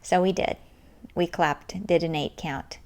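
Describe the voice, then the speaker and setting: A woman hosts a podcast and tells a story in a lowish voice with a gravelly edge. She speaks earnestly and leans on her words for emphasis. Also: fairly even intonation, measured pace, darkish tone. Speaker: podcast host. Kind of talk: storytelling monologue.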